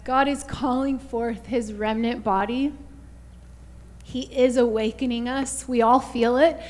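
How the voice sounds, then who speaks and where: High voiced woman preaching, fervent, keeps saying you guys and hallelujah. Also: steady tone, a little slow, a little mellow. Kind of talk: sermon.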